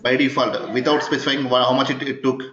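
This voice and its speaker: A man's voice: mid-range voice, fairly even intonation, quick pace. Man, programming instructor, quizzing students, echoey dull recording with faint noise. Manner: keeps quizzing the class, asking 'yes or no?'. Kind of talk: live coding lecture.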